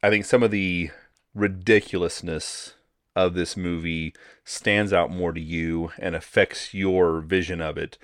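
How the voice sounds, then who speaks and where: A man with a very low voice talks through a film in a casual review chat. He is relaxed and often restarts his words. The sound is dry and close. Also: measured pace, no room sound. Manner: relaxed, repeats words while thinking. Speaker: podcast co-host.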